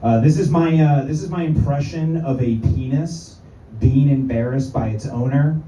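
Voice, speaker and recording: A man's voice: medium pitch, moderate pace, warm tone, a little hiss or hum. A man doing a stand-up set, crude and self-mocking, full of rambling asides. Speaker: stand-up comedian. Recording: echoey room, far from the mic, dull.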